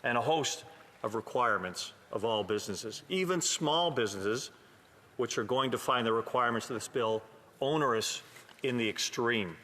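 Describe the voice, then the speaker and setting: A man's voice: medium pitch, moderate pace, sharp tone. A man, a member of parliament from Canada, giving a pointed, sometimes sarcastic speech in a legislative chamber. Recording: long hall reverb.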